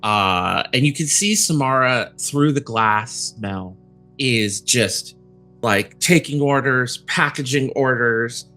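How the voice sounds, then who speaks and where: A man's voice: mid-range voice, takes it slowly, bright, forceful tone, soft background music. A man narrating a tabletop game as game master, in a casual, rambling way with many fillers.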